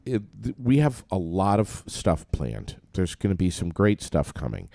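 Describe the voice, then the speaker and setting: Man, very low voice, dry studio sound, wry morning-show co-host reading headlines. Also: very animated, unhurried, creaky, warm tone, dry recording. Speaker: radio co-host. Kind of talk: casual morning show banter and news reading.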